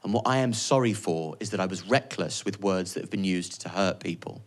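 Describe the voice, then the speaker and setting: A man doing live stand-up on a stage mic, sardonic, swinging from loud mock-boastful ranting to quiet, reflective confession. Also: sits low, a little fast. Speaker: stand-up comedian. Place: comedy venue stage with live audience.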